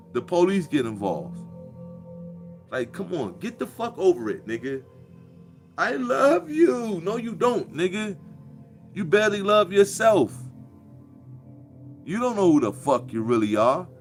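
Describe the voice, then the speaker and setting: A man talks in a profane, mocking, preachy ramble. His voice sits a little higher than most men's. Faint music plays behind him. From Chicago. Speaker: commentator. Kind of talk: casual monologue.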